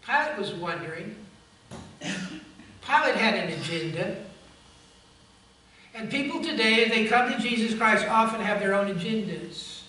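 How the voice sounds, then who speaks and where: Bright-voiced pastor in an echoey church. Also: male voice, high-pitched, lively intonation, unhurried, pauses often, far from the mic, a little hiss or hum. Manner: emphatic preaching, addresses the congregation as folks. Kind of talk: sermon. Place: church sanctuary.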